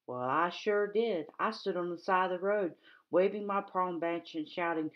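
A woman voicing an excited bystander in a Bible story, eager and breathless as she tells what she saw. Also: fairly low pitch, moderate pace, dull audio, lightly acted. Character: excited bystander who just saw a parade.

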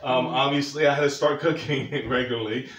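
A man's voice: medium pitch, fairly even intonation, brisk, a bit bright, a little hiss or hum. An older man preaching a sermon as pastor, folksy and earnest, with joking asides to the congregation. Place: church sanctuary. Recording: echoey church from far off.

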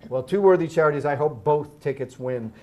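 A man's voice: a little high, brisk, a little mellow, muffled recording. A man hosting a game show in an upbeat, chuckling way.

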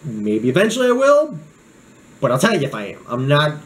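Goofy, animated young man rambling. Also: a little high, a little fast, rough recording. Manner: goofy, joking, drifts off on tangents. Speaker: knife reviewer. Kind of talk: casual rambling vlog.

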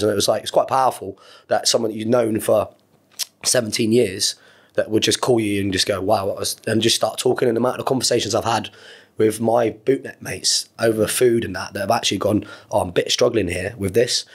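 Husky man in his thirties, quick rambling speech, low voice, candid interview guest. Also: steady tone. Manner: rapid, rambling and earnest, with heavy swearing. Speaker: podcast guest, former Royal Marine.

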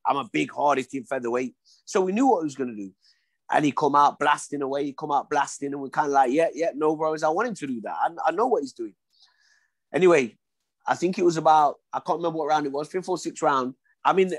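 Guest, 40s, man, slightly high voice, dry close sound, animated storyteller. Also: no room sound. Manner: animated storyteller, acts out dialogue. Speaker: guest, former boxer. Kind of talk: casual storytelling interview.

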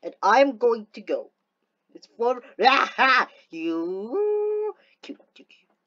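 A woman talks through her game out loud, her voice swinging up and down with excitement. She breaks into mock-villain gloating for fun. Her pitch sits a little high, and the recording sounds dull and lo-fi. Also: extremely slow. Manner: excitable, talks to herself, bursts into playful theatrical gloating. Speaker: gaming video host. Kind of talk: casual gameplay commentary.

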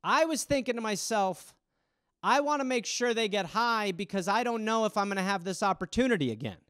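A man in his thirties hosts a casual podcast monologue, cursing freely and slipping into little voices for the people in his stories. His voice sits fairly high and comes across smooth and clean. The sound is dry and close, with no room around it. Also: brisk, dry recording. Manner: profane, animated, acts out quoted voices. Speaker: podcast host.

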